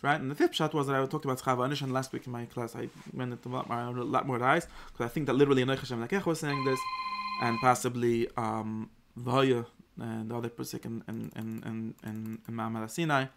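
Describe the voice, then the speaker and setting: A man teaching an informal Torah class, lively and acting out the verses. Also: medium pitch, gravelly. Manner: animated, acts out the verse in God's voice.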